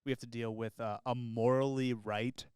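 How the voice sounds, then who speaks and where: A man co-hosts a casual podcast, teasing the others in a wry tone and swearing now and then. His voice is very smooth and resonant. The recording is dry and close. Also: medium pitch, little pitch movement, normal speed, darkish tone, dry recording. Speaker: co-host.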